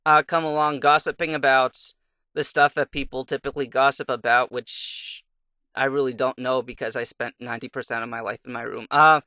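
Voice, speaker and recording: A man's voice: medium pitch, fairly even intonation, brisk, sharp tone, smooth, no room sound, dull audio. A young man casually commenting on his gameplay, rambling through a fairy tale between moves and muttering to himself. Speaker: let's play commentator.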